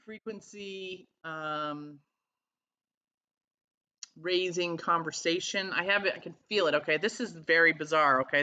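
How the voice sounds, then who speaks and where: A woman talking in a casual vlog, earnest and halting as she searches for words. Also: on the low side, sharp tone. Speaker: vlogger. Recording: slightly dull lo-fi sound.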